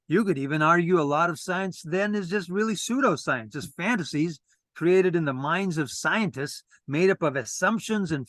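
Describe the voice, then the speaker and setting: A man's voice: on the high side, fairly bright tone, dry recording. Earnest man lecturing, dry close sound. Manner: earnest, lecturing, breaks off for casual asides. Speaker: presenter. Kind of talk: reading a script with asides to a co-host.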